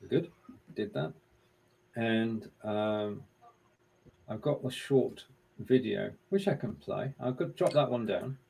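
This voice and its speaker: A man with a gravelly voice, sitting at mid pitch, co-hosts a casual live-stream quiz. He keeps up a friendly quizmaster patter and murmurs half to himself as he fiddles with the on-screen controls. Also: darkish tone, low-quality recording. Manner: mutters to himself while working the screen share. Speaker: co-host running a live quiz show.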